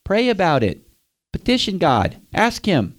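A man preaches a sermon, addressing his listeners directly and asking them questions. His high-pitched voice swoops wildly in pitch, and he speaks a little slowly.

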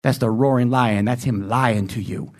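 A man preaching a sermon, emphatic and full of questions to his congregation, swinging between loud high emphasis and low intense asides. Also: steady tone, moderate pace. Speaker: pastor.

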